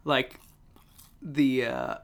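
A man's voice: medium pitch, big pitch swings, very slow, a bit bright. A young man in casual chat, telling a story with lots of fillers and restarts.

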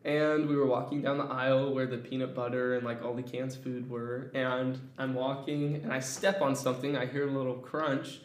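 A man's voice: mid-range voice, moderate pace, hardly any pauses. Young man telling a funny story. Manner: animated, laughs while telling. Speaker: storyteller guest. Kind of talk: casual comedic storytelling. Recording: echoey room.

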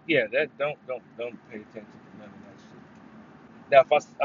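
This solo podcast host has a husky, medium-pitched voice and talks at a normal speed. He rambles casually, swears, and erupts into emphatic bursts now and then, and his headphones mic gives a dull lo-fi recording with faint background noise.

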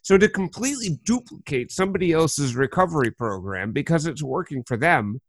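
A man's voice: fairly high pitch, lively intonation, brisk, no echo. Upbeat male podcast host, dry sound. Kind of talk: recovery podcast talk.

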